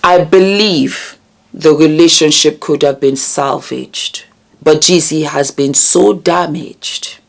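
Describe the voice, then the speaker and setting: A woman hosting her own channel, talking earnestly and emotionally about vulnerability and healing, with deliberate repetitions. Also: low voice, gravelly. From United Kingdom. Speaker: channel host. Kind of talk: reflective commentary vlog.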